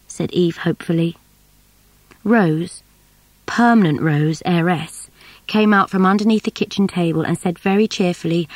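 A woman reading a novel aloud in a measured storytelling manner. Her voice sits fairly low, and the recording is dry and close. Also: a little mellow, no room sound, rough recording. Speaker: audiobook narrator. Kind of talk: scripted narration.

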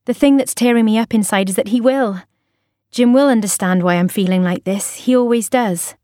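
A woman narrating a first-person story in a soft, emotional way. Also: on the high side, moderate pace, dry recording, clean studio sound.

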